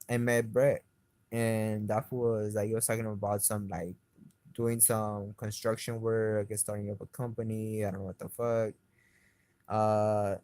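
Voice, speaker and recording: Man, lower voice, rambling agitated storyteller, heavy swearing, Spanish words mixed in, dry close sound. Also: warm tone, no room sound. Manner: rambling, profane, heavy on fillers; agitated, keeps retelling his frustration. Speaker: interviewee recounting events. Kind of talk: casual spoken monologue.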